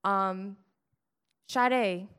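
A woman's voice: mid-range voice, very slow, fairly bright tone, clean tone. A woman hosting a podcast interview in casual chat, frank and blunt. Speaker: podcast host.

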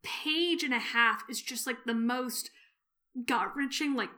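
A woman co-host with a bright, fairly high voice, chatting earnestly on a podcast. She reads book passages aloud slowly and carefully, and comes across as openly emotional. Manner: earnest and emotional, slow and careful when reading. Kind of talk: casual chat and reading aloud from a book.

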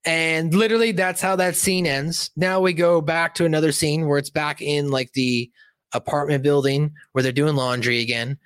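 A man's voice: on the high side, fairly even intonation, normal speed, a bit bright, smooth, no echo. A young man reviewing a movie on a casual livestream, rambling and swearing, with many fillers.

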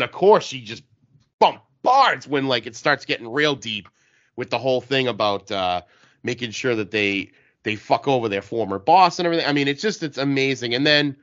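A man with the hiccups chatting casually on a podcast panel, enthusiastic and halting, with lots of filler words. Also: medium pitch, animated, a bit bright. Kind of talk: casual chat. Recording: dull lo-fi audio.

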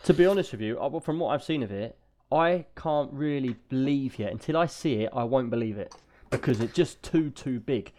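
A man co-hosting a casual chat, telling anecdotes in a lively, talkative way. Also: mid-range voice, moderate pace. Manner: chatty, animated anecdote telling. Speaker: podcast co-host.

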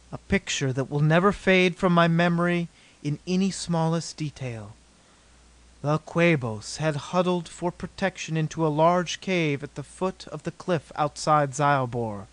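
A man narrating an adventure novel as an audiobook in a steady, measured reading. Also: a little high.

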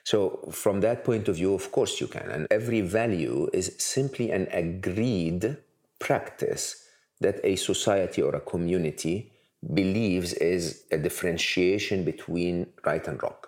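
A man's voice: low-pitched, measured pace, darkish tone. A man answering interview questions at length, emphatic and building points through repeated lists. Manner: emphatic, repetitive lists for effect. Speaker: interview guest.

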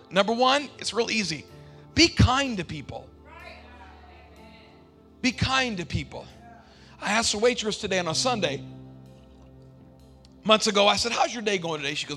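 A middle-aged man preaching with a high, bright, ringing voice. He shouts his refrains in a sing-song rhythm, then drops into easygoing storytelling and acts out the quotes. Faint music plays behind him. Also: normal speed, pauses often, husky. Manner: relaxed storytelling with acted-out quotes. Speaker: pastor. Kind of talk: sermon.

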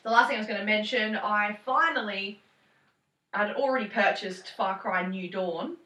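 A woman's voice: medium pitch, moderate pace, sharp tone, distant mic. A woman co-hosting a podcast in a casual chat, laughing often and swearing lightly. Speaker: podcast co-host. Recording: echoey room, a little off-mic.

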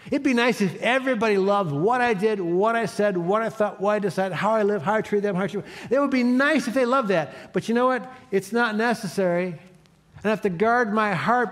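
A man preaching a sermon as pastor, leading his congregation in call-and-response. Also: sits high. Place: church sanctuary.

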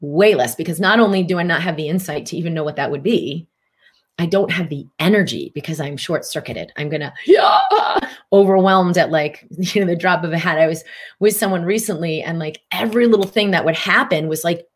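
Middle-aged woman, spiritual teacher, live talk, low-ish pitch, lively with acted asides. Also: a little fast, breathy edge. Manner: animated, acts out inner voices.

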